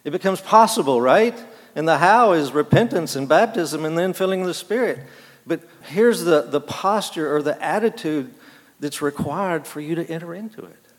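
A man preaching a sermon, halting and repeating words, moving between quiet and emphatic phrases. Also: on the high side, animated. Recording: long hall reverb.

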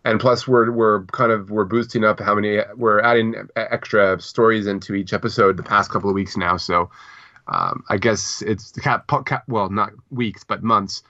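A man co-hosting a casual literary podcast, talking with a dry, deadpan humor. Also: lowish voice, moderate pace, dry recording. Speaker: podcast co-host. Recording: dull, dry lo-fi mic.

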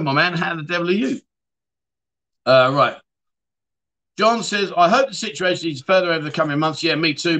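A man's voice: fairly high pitch, sharp tone. A man hosting a casual livestream chat show, reading viewer comments aloud and answering them in a chatty way.

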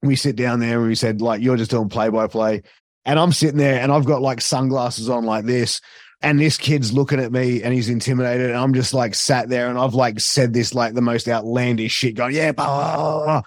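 In a clean studio recording with no room sound, an Australian man speaks at medium pitch with fairly even intonation. He is a wrestling commentator on a podcast as a guest, telling fast stories in casual chat, swearing freely and piling on the fillers.

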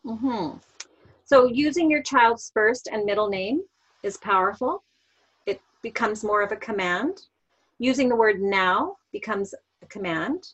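A woman coach explaining parenting techniques calmly on a podcast, giving examples as she goes. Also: mid-range voice, measured pace, slightly rough, rough recording. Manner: calm, explanatory, gives examples. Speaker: NLP coach guest. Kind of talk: podcast interview.

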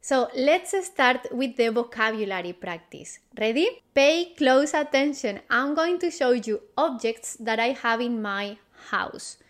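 Slow, patient woman teaching vocabulary. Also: on the high side, expressive, fairly bright tone. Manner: repeats each word, quizzes the listener, patient and encouraging. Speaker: Spanish teacher. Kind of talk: slow, clear vocabulary lesson.

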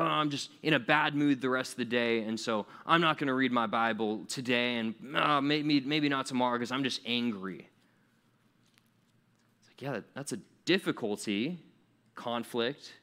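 A young youth pastor with a medium, somewhat bright voice gives teenagers a casual, conversational sermon. He acts out grumbling quotes, using fillers and restarts.

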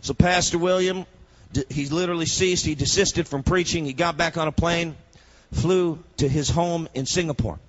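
Husky, impassioned male preacher. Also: a little high, steady tone, normal speed, dull audio. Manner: impassioned, rising to shouts. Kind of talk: sermon.

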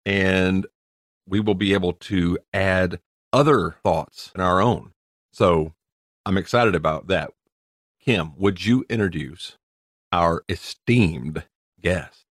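A man's voice: low voice, takes it slowly, long pauses, no room sound, studio quality. A man with a Southern US accent co-hosting a podcast in casual, playful chat. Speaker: podcast co-host.

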